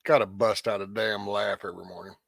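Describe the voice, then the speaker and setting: Low-voiced man chatting casually, close and dry. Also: fairly even intonation, fairly quick, creaky, fairly bright tone, no echo. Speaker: vlogger. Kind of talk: casual chat.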